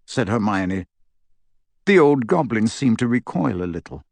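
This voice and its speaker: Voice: mid-range voice, sing-song, measured pace, vocal fry, darkish tone, no room sound. Reader narrating a novel aloud.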